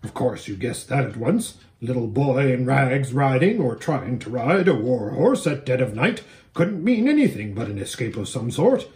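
A man's voice: mid-range voice, sing-song, moderate pace, a little mellow, close to an everyday voice. A man voicing a proud, bossy talking male warhorse who speaks in a pompous, lecturing way. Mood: lofty.

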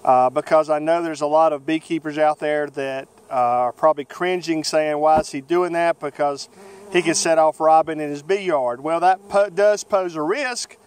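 A man with a Southern American accent talks unhurriedly, in a folksy way full of fillers, as he explains his beekeeping. His voice sits a little high and sounds smooth and clear. Bees buzz around him in the open-air bee yard. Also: steady tone, normal speed. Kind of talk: outdoor how-to video. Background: buzzing bees.

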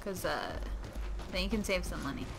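A young woman giving excitable, giggly let's-play commentary at home while gaming. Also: lowish voice, moderate pace, vocal fry. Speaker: gamer. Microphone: webcam or desk mic. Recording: noisy game audio behind.

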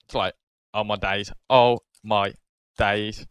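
A British man hosting a card-opening video, casually calling out each card and getting excited over good pulls. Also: lowish voice, takes it slowly, clean tone, dry recording. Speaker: card-opening channel host.

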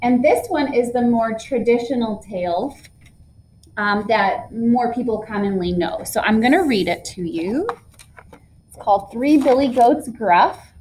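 A woman teacher reads a storybook aloud to her class and talks it through with them afterwards. Her voice sits a little high, and her reading is clear and expressive. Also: a little slow, a little hiss or hum, low-quality recording.

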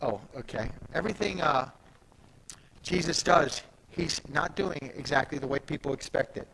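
Male preacher, raspy fry, slight background hiss; retells scripture casually, then punches key words loudly. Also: on the high side, normal speed, poor audio. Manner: animated, swings from soft asides to loud emphatic peaks; conversational, retells scripture in everyday speech. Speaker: pastor. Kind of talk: sermon.

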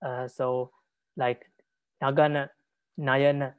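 Slow, patient monk teaching a class. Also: male voice, medium pitch, level tone, clear, resonant tone, no echo, dull audio. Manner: patient, repeats words, many hesitations. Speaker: Buddhist monk teaching Pali.

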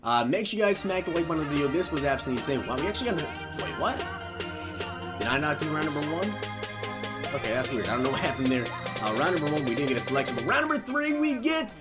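A young man commenting on his own game pack openings, casual and animated, shouting with excitement at big pulls. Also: a little high, fast, loud music behind the voice. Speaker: gaming YouTuber opening packs.

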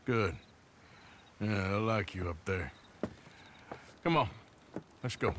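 An actor playing a weary, gruff middle-aged outlaw with an American accent, speaking slowly and laconically in a video game cutscene. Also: male voice, fairly low pitch, noisy background. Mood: laconic. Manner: slow drawling and laconic. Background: loud game music.

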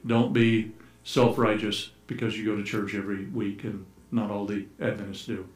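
A man's voice: on the low side, little pitch movement, moderate pace. Storytelling male pastor in an echoey church. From United States. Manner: storytelling, playful, acts out shouted calls. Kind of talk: sermon. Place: church sanctuary.

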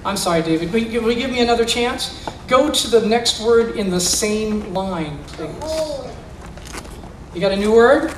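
Animated and unhurried, a high-voiced man entertains schoolkids as a magician, drawing young volunteers into mind-reading tricks with playful stage talk. There's a little hiss or hum, and he sounds distant in an echoing school gym or room indoors.

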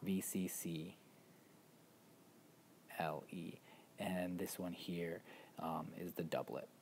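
Deep-voiced man teaching a word lesson. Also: little pitch movement, takes it slowly, darkish tone, slight background noise. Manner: patient, explaining step by step with frequent ums. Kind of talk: instructional walkthrough.

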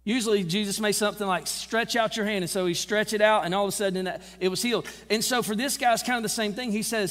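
High-voiced preacher in a reverberant church. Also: male voice, a bit bright. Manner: conversational preaching, slows for emphasis, acts out Bible quotes. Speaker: pastor. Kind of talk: sermon. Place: church sanctuary.

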